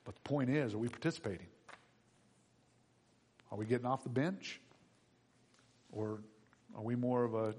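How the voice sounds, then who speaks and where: Animated middle-aged male preacher, husky. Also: mid-range voice, moderate pace, long pauses. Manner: animated preacher acting out voices. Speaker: pastor. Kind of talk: sermon. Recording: long hall reverb.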